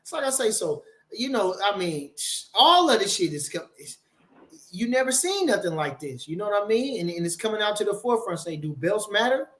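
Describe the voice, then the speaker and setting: A man's voice: high voice, sing-song, fairly quick, a bit bright. A man hosting a casual boxing live stream, rambling and emphatic, cursing freely and reading viewer comments aloud. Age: older. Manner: swearing, rambling, emphatic, reads chat aloud. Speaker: boxing channel host.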